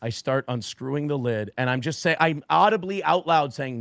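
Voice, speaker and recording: Man, podcast guest, gravelly voice, casual profane storytelling, close mic, dry sound. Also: on the high side, animated, normal speed, no room sound. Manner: heavy swearing, acts out quotes with shifting voices.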